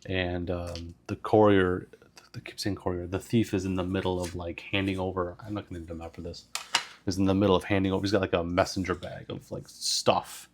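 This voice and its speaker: A man's voice: low voice, level tone, fairly quick, slight background noise. A man casually narrating a solo tabletop game, rambling with lots of fillers. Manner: casual, meandering, full of fillers.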